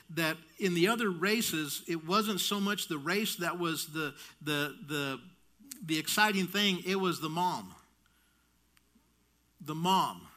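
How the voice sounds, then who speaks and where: A man preaching a sermon, telling a story in an animated way with frequent restarts and touches of humor. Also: a little high.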